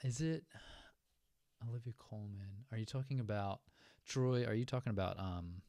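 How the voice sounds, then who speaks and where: Host talking through the news and reading the chat, gravelly low voice, lots of ums and asides. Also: male voice, normal speed, dark tone, dry recording, clean studio sound. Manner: chatty, loose, many fillers and asides. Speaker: host of a fan news show. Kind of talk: casual commentary reading chat.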